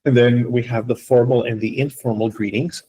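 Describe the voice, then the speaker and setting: A man's voice: medium pitch, fairly even intonation, moderate pace, dark tone, husky, rough recording. A man teaching an online English class, explaining patiently step by step and often checking in with his students. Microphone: computer mic on a video call.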